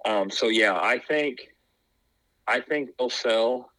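A man's voice: mid-range voice, takes it slowly, sharp tone, dry recording, poor audio. A man chatting casually as a podcast co-host, rambling with lots of fillers and restarts. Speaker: podcast co-host, former wrestling tryout. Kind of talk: casual chat.

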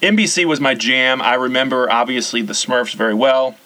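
A man's voice: medium pitch, moderate pace. A man in his forties, from the central United States, hosting a casual nostalgic conversation and rattling off lists. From US Central region. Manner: rattles off lists, chatty and relaxed. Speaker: podcast host.

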